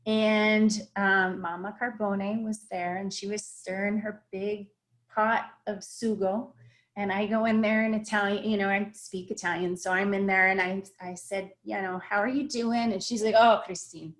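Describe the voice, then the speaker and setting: A woman's voice: medium pitch, little pitch movement, moderate pace, a bit bright. A woman restaurant owner telling a story in a video call interview, reflective, with frequent fillers and restarts. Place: home office at a computer.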